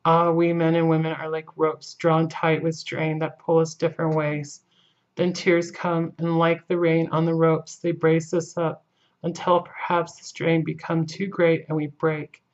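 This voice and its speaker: An aging Dutch professor, read by a woman, talks in earnest broken English, mournful and philosophical. The voice sits low and flat, hardly moving in pitch. The recording is dull and lo-fi. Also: measured pace. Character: older Dutch male professor, grieving and philosophical. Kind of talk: audiobook reading.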